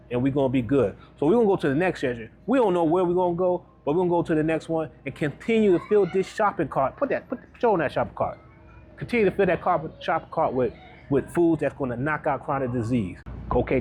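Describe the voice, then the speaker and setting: A man working as a wellness coach, talking through his shopping in casual vlog style, upbeat and chatty, checking in with the viewer with a quick "right?" as he walks the aisles of a grocery store. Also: medium pitch, a little mellow, a little hiss or hum.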